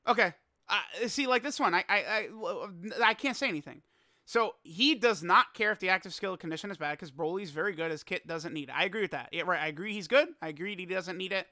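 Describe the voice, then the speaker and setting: A man's voice: high-pitched, lively intonation, fairly quick, sharp tone, dry recording, studio quality. A young man giving casual reaction commentary as a gaming YouTuber, exasperated and laughing, rambling with stammered restarts.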